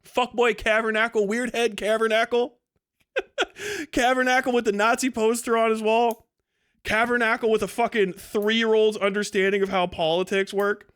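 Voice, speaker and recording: A man's voice: high-pitched, moderate pace, fairly bright tone, smooth. A man hosting a livestream, delivering a profane and mocking rant, full of swearing and scornful laughter. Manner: mocking, aggressive, swearing constantly. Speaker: livestream host.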